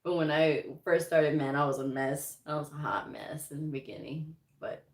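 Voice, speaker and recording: A middle-aged American woman with a fairly low voice tells stories in a chatty, easygoing way, laughing often and slipping into little voices for the people she quotes. Her voice carries a noticeable echo from the room around her. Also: fairly even intonation, normal speed. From United States. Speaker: medical coding educator and channel host. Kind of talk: casual storytelling livestream. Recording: echoey room.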